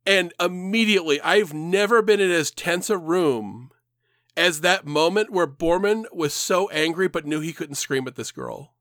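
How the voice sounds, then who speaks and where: A man's voice: on the high side, measured pace, a bit bright, no echo, clean studio sound. A man telling a long, rambling story in casual chat, swearing freely and laughing as he goes.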